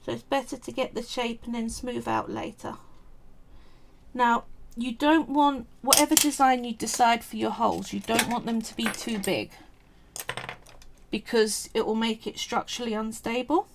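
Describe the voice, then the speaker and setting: A woman's voice: on the high side, steady tone, moderate pace, creaky, noisy background. A woman with a Cockney accent, talking chattily through a craft tutorial at home, thinking aloud as she works. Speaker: polymer clay crafter and streamer.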